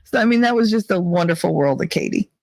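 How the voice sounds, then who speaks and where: A middle-aged woman with a thick New Jersey accent, hosting a podcast and telling stories in a casual, animated way, laughing often and swearing freely. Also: fairly low pitch, fast talker, creaky, no echo. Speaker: podcast host. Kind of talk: casual storytelling monologue. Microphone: home computer mic.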